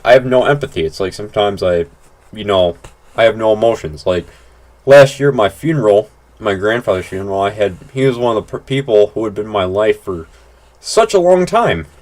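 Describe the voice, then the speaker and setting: A man's voice: lowish voice, lively intonation, moderate pace, a little mellow. A man talking through casual gameplay commentary, rambling and blunt, with lots of "like" and restarts and some casual swearing. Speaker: gaming channel host.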